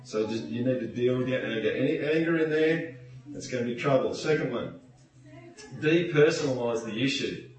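A man preaching a sermon in a church, animated and playful, acting out quotes in put-on voices. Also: mid-range voice, moderate pace. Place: church hall. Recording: echoey hall, distant mic.

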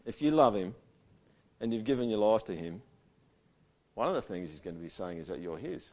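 A man preaching a sermon to a church gathering. He talks conversationally and swings between loud emphasis and quiet, intimate passages. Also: lowish voice, expressive, normal speed, long pauses. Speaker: pastor.

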